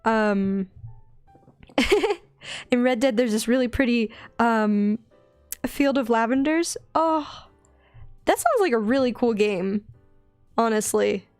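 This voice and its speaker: A young woman with a light Southern accent, chatting in a bubbly, rambling way while she draws on a stream, often giggling and getting excited. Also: on the high side, takes it slowly, pauses often, smooth, no echo, soft background music. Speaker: digital artist streaming her drawing. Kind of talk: casual chatty art stream.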